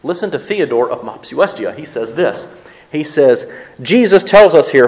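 A pastor delivers a sermon in a chatty, conversational style, frequently checking in with his congregation through "right?" asides. His voice is slightly high, expressive and a little mellow, at a normal speed, captured in a rough recording.

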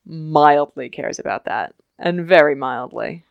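A young woman co-hosting a podcast, chatting casually about a TV episode and acting out the characters in quick voices, laughing often. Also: sits low, creaky, no echo, muffled recording. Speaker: podcast co-host recapping a TV episode. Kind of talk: casual chat.

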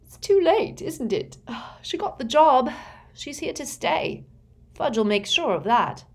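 A woman's voice: on the high side, very animated, moderate pace, pitched above the performer's own voice. Ron, a woman doing a grumbling teenage boy. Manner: grumbling, exasperated.

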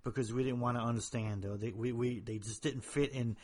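A man's voice: medium pitch, steady tone, fairly quick, darkish tone. A man co-hosting a casual podcast, speaking in an earnest, reflective way. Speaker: podcast co-host.

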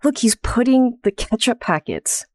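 A woman's voice: a little high, animated, moderate pace, darkish tone, no room sound, studio quality. A woman co-hosting a casual podcast, telling a story in short, loose fragments. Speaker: podcast co-host. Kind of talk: casual roundtable podcast chat.

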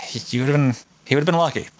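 Profane, excited male podcast storyteller. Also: fairly high pitch, fast, dry recording. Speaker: podcast host. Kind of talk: casual storytelling chat.

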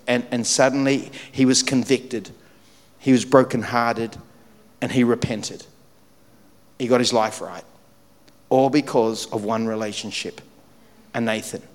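A man preaching a sermon, telling a story with lively shifts between loud punchy lines and low, quiet, weighty ones. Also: big-room sound. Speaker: pastor.

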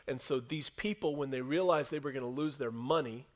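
A man's voice: mid-range voice, brisk, few pauses. A man preaching a sermon, retelling a scripture passage and acting out the quotes while speaking to the congregation. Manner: animated preacher, acts out quotes, talks to congregation. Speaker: pastor.

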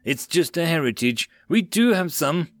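A man's voice: fairly high pitch, very animated, moderate pace, no echo, voice pushed up. A man doing a cool unbothered commander. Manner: cool, dismissive. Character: calm, unreadable male legion commander.

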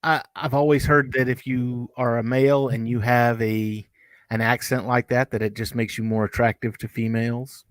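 A man's voice: mid-range voice, little pitch movement, clean tone, no room sound. A man co-hosting a fan review podcast in casual chat, often stumbling over his words and restarting sentences. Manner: halting, many restarts and fillers. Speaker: podcast co-host.

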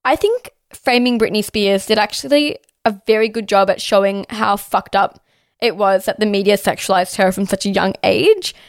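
A woman's voice: mid-range voice, clean tone, no echo, clean studio sound. A young woman co-hosting a podcast, ranting in heated, sarcastic casual chat with lots of swearing. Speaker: podcast co-host.

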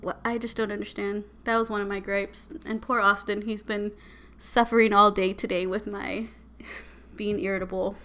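A woman, telling a story as a podcast co-host in a casual, animated and exasperated way. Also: mid-range voice, moderate pace. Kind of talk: casual chat.

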